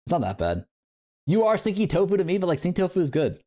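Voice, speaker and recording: A man's voice: sits high, big pitch swings, fast talker, warm tone. A young man streaming games, chatting casually to his viewers in a rambling, playful way with lots of fillers. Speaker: game streamer. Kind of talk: casual livestream chat.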